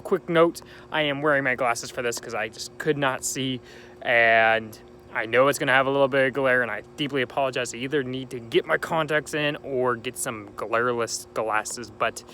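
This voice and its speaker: A young man hosts a casual game playthrough, chatting and rambling in an upbeat way. His voice sits at a medium pitch, recorded outdoors at night with a faint hum in the background. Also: sharp tone. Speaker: gaming channel host. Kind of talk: casual let's-play commentary.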